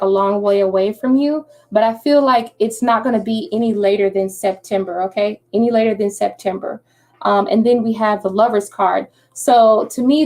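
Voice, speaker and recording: A woman's voice: mid-range voice, darkish tone. A woman doing a live-stream tarot reading, chatty and reassuring, often checking in with "okay?". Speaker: tarot reader.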